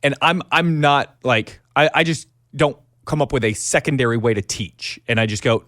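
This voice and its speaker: Halting self-critical man, mid pitch. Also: steady tone, a bit bright, no echo, studio quality. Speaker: podcast co-host. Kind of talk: casual podcast chat.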